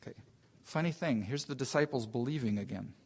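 A man's voice: medium pitch, brisk, husky. A man giving an informal Bible teaching, thinking aloud as he explains a passage and often restarting his sentences.

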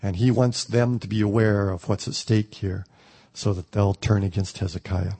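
Male Bible teacher with a slightly low, husky voice; reads the text, then talks it through plainly. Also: little pitch movement, moderate pace, dark tone. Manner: reads scripture aloud, then explains it in plain words; thoughtful, with occasional ums and restarts.

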